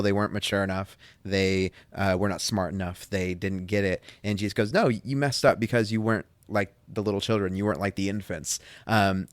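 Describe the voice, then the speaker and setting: A man co-hosting a casual faith podcast, talking earnestly and thinking out loud, often restarting his sentences. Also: fairly low pitch, no echo. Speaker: podcast co-host.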